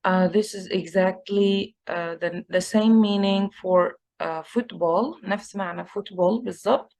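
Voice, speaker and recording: A woman with an Egyptian accent teaching an English class, slowly repeating words to drill pronunciation. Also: mid-range voice, gravelly, darkish tone. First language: Egyptian Arabic. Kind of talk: online English lesson.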